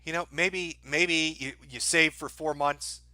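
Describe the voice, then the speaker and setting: A man's voice: on the high side, steady tone, unhurried, pushed and bright, no echo. A man hosting a live stream, ranting sarcastically and profanely to his chat, often breaking into laughter.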